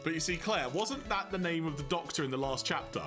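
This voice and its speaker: A man's voice: fairly high pitch, expressive, brisk. A man streaming a game, trading puns and jokes in casual banter. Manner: punning, jokey banter. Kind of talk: casual let's-play chat. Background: game music.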